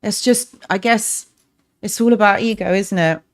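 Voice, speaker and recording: A woman from North London with a softened London accent, hosting a live stream, reading out viewers' comments and answering them with encouragement and frequent restarts. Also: medium pitch, moderate pace. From North London, England. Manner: warm encouraging, talks to chat by name, many restarts. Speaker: relationship coach, livestream host.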